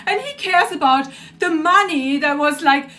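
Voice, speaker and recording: A young woman, ranting in a video diary, agitated and profane, dropping to low mutters and rising to shouts. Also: measured pace. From Germany. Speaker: vlogger.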